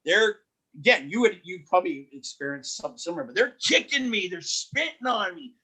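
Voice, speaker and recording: A Canadian man tells stories as a podcast guest, his slightly high voice jumping up as he acts out the people in them. He often breaks off and restarts his sentences. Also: expressive, a little fast, sharp tone, husky. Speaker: wrestling promoter and guest. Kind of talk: casual podcast storytelling.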